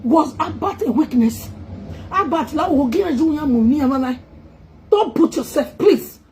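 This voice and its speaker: A woman's voice: high-pitched, expressive, a little slow, a little mellow, a little hiss or hum. A woman making an impassioned, pleading spoken appeal, switching between English, Pidgin and a local language. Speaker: entertainer appealing to two public figures.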